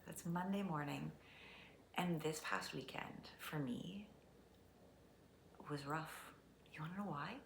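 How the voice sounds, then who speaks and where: A middle-aged woman vlogging casually, chatty and candid, often dropping into soft near-whispers. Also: low-pitched, slow pace, gravelly, pauses often. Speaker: vlogger, fitness competitor. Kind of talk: casual vlog talk to camera. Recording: echoey room, faint background noise.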